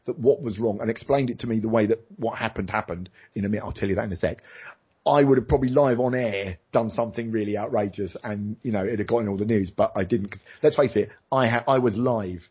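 A middle-aged man, an interview guest and former TV presenter, telling a personal story candidly and animatedly, jumping into high voices for quoted lines. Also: quick pace, breathy edge. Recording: slightly dull lo-fi sound.

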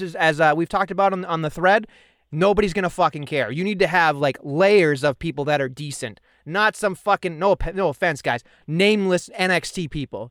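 A man with a high-pitched voice rants at length in casual podcast chat, swearing and hammering his points home. The sound is dry and close, with no room in it. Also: fairly bright tone, no room sound. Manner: ranting, profane, emphatic. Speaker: podcast co-host.

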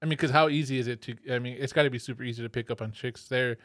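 A man's voice: medium pitch, fairly even intonation, very fast, a bit bright, no room sound, studio quality. Laid-back man chuckling through banter. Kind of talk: crude casual chat.

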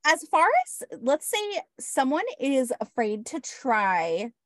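A woman's voice: high voice, very animated, slow pace, fairly bright tone, dry recording, clean studio sound. A woman hosting a podcast, chatting casually in an upbeat, emphatic way. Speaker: podcast host. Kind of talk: casual chat.

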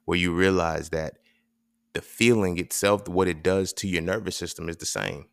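Deep gravelly man musing on a podcast. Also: fairly even intonation, moderate pace, no room sound, studio quality. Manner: loose, profane, rambling with restarts and "right?" check-ins. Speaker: podcast host. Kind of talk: casual monologue.

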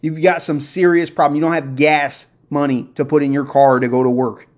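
A man hosting a motivational podcast, preaching excitedly and working himself up as he talks. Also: a little high, moderate pace. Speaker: podcast host. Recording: dull lo-fi recording.

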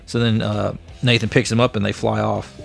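A man's voice: fairly low pitch, normal speed, gravelly, soft background music. A man hosting a comic book podcast, casually retelling a comic's story and acting out the characters' lines. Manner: animated storyteller who acts out the characters' lines.

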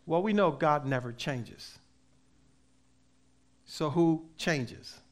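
A man preaching a sermon as pastor, with emphatic delivery that swings between loud and soft and slow readings of scripture. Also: fairly high pitch, expressive. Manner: reads scripture aloud slowly.

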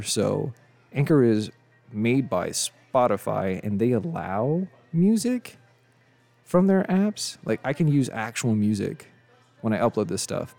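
Creaky, fairly low, and dark in tone, this is the voice of a young man of Mexican descent hosting a solo podcast. Short on sleep and tired, he keeps things casual, rambling along and making self-deprecating jokes.

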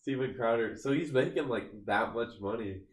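A man's voice: medium pitch, moderate pace. A man co-hosting a podcast in casual chat, telling rambling stories packed with filler words. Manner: rambling, filler-heavy storytelling with frequent laughs. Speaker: podcast co-host. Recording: echoey room.

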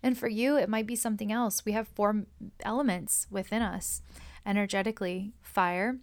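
A woman giving an earnest, reflective spiritual monologue, speaking gently and sometimes dropping into a soft whisper. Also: mid-range voice, fairly even intonation, normal speed.

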